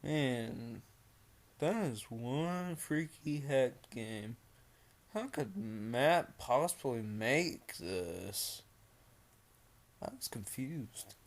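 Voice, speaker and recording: A young man reads a creepypasta at an unhurried pace, his voice pitched in a middle range. He keeps stopping to ramble and mock the story, with plenty of fillers along the way. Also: very animated, vocal fry. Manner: rambling, with many fillers and mocking asides. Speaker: creepypasta reader. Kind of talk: reading a creepypasta with commentary.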